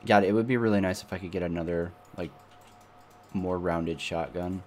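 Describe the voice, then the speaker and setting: A man's voice: sits low, fairly even intonation, moderate pace, a little hiss or hum. A man streaming a game, talking casually to himself, swearing freely, laughing and groaning at what he finds. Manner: swears freely, mutters to himself while playing; laughs often, groans at bad loot. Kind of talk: casual gameplay commentary.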